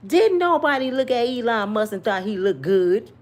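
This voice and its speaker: A woman's voice: on the high side, very animated, moderate pace, a little mellow. A woman giving an emphatic, slangy opinion rant to her viewers, full of rhetorical questions. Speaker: commentary vlogger.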